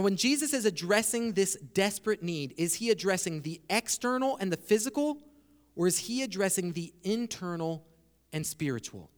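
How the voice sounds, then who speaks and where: A man with a rather high voice delivers a sermon from a church sanctuary. He teaches through the passage step by step and drops to a slower pace on the words he wants to land. His voice carries a long reverb from the large room. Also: clean tone. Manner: expository preaching, slows down for emphasis. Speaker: pastor.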